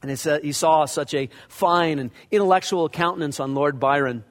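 A man with a slightly high voice, speaking at normal speed, preaches an expository sermon verse by verse, conversational in style and dramatizing scripture in character. He's a pastor, recorded with the long reverb of a big hall.

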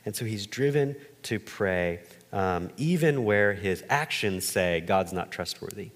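On a church stage, a pastor gives a conversational sermon full of animation, sudden jumps in pitch, and casual asides, with long hall reverb in the recording.

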